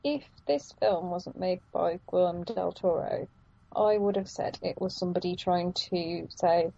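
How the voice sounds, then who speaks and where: A woman's voice: lowish voice, measured pace, vocal fry, dark tone, husky, lo-fi sound. A woman in casual film discussion, asking thoughtful questions and weighing ideas with many fillers.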